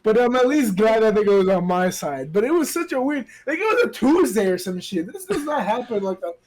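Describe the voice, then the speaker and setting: A man telling stories among friends in casual chat, animated and swearing, acting out the voices of the people in them. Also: high voice, a little fast.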